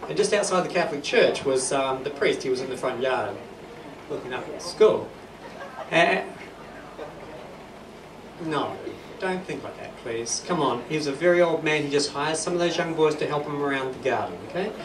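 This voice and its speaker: A stand-up comedian with a New Zealand accent and a slightly high, animated voice tells rambling, self-deprecating stories at a moderate pace. The noisy recording is echoey and distant in a club, with audience laughter behind him.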